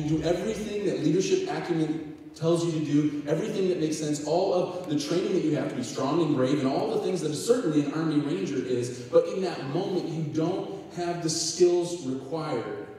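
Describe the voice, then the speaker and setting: Male youth speaker, mellow tone, animated storyteller who acts out voices; recorded from afar in a reverberant auditorium. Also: a little high. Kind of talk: sermon. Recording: echoey hall, distant mic.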